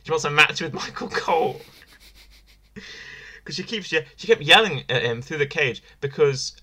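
A man with a bright, forceful voice talks through a wrestling review in loose, casual podcast chat. He circles back on his own phrases, restarting and repeating as he goes. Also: fairly high pitch, lively intonation, normal speed. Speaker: podcast co-host.

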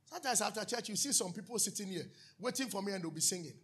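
A pastor preaches with a high, gravelly voice that has a husky edge. He bursts into shouts and then drops to hushed asides. His tone is bright and sharp throughout. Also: lively intonation, quick pace. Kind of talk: sermon.

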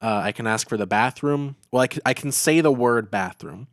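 Smooth-voiced laid-back young man. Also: mid-range voice, a little fast, dry recording, clean studio sound. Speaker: podcast co-host. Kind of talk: casual chat.

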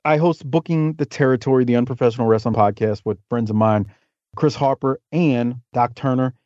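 A man chats as a guest on a podcast, rolling from one story to the next with jokey asides. His voice sits at an ordinary pitch. The audio is dry and slightly dull, like lo-fi podcast sound. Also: a little fast, a little mellow, no echo. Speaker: podcast guest, wrestling historian. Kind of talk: casual interview chat.

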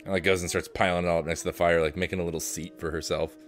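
A man's voice: low-pitched, level tone, very fast, soft background music. A man running a tabletop game as game master, narrating loosely with lots of fillers.

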